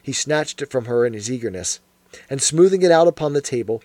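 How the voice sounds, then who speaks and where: A man narrating a classic detective story as an audiobook, measured and even. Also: medium pitch, no room sound. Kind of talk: scripted narration.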